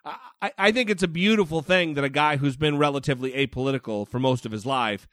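A man's voice: fairly high pitch, fast, fairly bright tone, no room sound, studio quality. A man talking as a podcast guest, emphatic and swearing freely, getting heated about politics. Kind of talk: casual chat.

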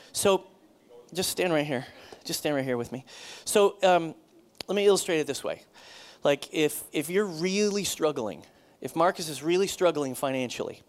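A man, a pastor, preaching a sermon in a conversational, animated way, often repeating himself. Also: fairly high pitch.

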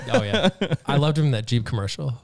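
A man's voice: medium pitch, sing-song, fairly quick, no room sound. A young man co-hosting a casual movie podcast, cracking jokes and laughing often. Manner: joking, quips, laughs often. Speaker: podcast co-host.

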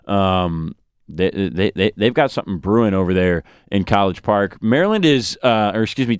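A man's voice: mid-range voice, clean tone, no room sound, studio quality. A young man hosting a casual sports betting picks show, upbeat and emphatic.

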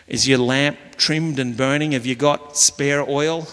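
Slow-speaking pastor in a reverberant church. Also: male voice, mid-range voice, fairly even intonation, a bit bright, clear, resonant tone. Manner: earnest, leads congregation in call and response. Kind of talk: sermon with scripture reading. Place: church hall.

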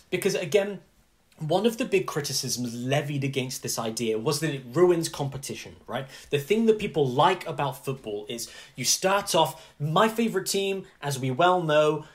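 A man's voice: on the high side, moderate pace. A man, a podcast co-host who chats casually and animatedly, with many asides. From England. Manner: animated, talks in long runs with many asides. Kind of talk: casual chat.

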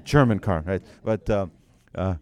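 A man giving an animated religious lesson to a group, asking rhetorical questions and telling anecdotes. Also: deep voice, a little slow, clear, resonant tone.

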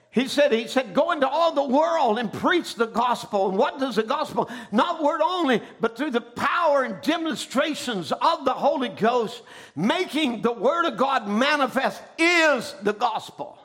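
A man preaching a sermon, building to shouted emphasis and often calling out "amen" to the congregation. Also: extremely high pitch.

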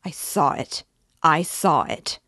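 A man's voice: on the high side, slow, bright, forceful tone, dry recording, studio quality, exaggerated voice. A woman reading aloud as an angry, short-sighted young man who insists hotly and repeats himself. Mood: indignant, heated.

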